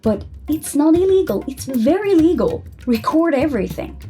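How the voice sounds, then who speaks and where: Animated high-voiced woman telling a story. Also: moderate pace. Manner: animated, frank, acts out quoted dialogue. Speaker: vlogger. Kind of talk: casual storytelling to camera. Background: soft background music.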